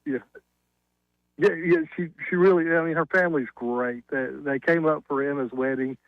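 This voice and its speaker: A man's voice: a little high, fairly even intonation, moderate pace, smooth, dry recording, narrow, tinny audio. A man with a Southern accent, a flooring business owner calling in to a radio talk show, telling a story in a folksy, chatty way and laughing at himself. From Alabama. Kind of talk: casual radio call-in chat.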